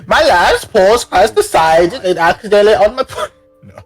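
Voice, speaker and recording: A man's voice: high voice, expressive, normal speed, soft background music. A man co-hosting a casual podcast, reading a story aloud with frequent stumbles and self-corrections. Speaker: podcast co-host.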